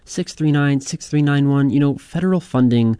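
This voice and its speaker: A man's voice: medium pitch, normal speed, mellow, clean tone. A man hosting a radio pledge drive in an upbeat, encouraging way. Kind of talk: on-air fundraising appeal.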